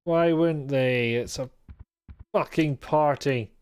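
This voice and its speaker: A man's voice: medium pitch, slow, darkish tone, slight background noise. A man streaming a video game live, commenting in a sweary, exasperated and sarcastic way.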